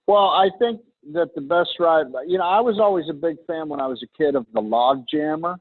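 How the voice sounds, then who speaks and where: A man's voice: on the high side, a little fast, no echo. A middle-aged man with a Pittsburgh accent, co-hosting in casual chat and joking while rambling with restarts. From Pittsburgh, USA. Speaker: co-host. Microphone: remote video call. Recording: phone-line audio.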